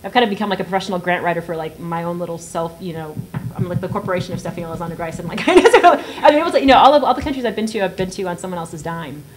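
A woman in her thirties from South Texas tells a personal story to a panel audience. She is animated, laughs often, and acts out the voices she quotes. A faint hum of room ambience sits under her voice. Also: lowish voice, rapid-fire. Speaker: panel guest writer. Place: auditorium panel discussion.

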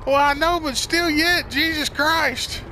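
A man's voice: extremely high pitch, steady tone, unhurried, over music. A man gamer in a party chat, laughing often and drawling his words. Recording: noisy game chat audio.

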